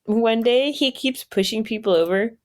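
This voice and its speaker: A woman's voice: on the high side, normal speed, darkish tone. A woman podcast host telling an improvised story in a casual, giggly way with many fillers.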